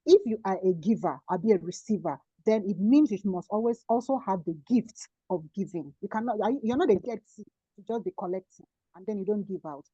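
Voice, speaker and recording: A woman's voice: medium pitch, a little fast, mellow, breathy edge, no room sound, highs cut off. A woman making emphatic points as a panelist summing up an online panel discussion over a video call. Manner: emphatic, explaining and repeating points.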